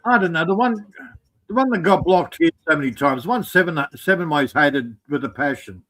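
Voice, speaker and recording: A man's voice: on the high side, animated, normal speed, a bit bright. A man co-hosting a casual live-stream chat, teasing and joking with wry asides.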